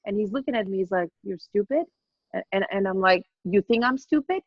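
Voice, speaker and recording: A middle-aged woman, a podcast guest telling a personal story in a lively, laughing way, often repeating and restarting her words. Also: mid-range voice, fairly quick, dry recording, dull audio. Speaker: master trainer, podcast guest. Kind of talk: casual storytelling chat.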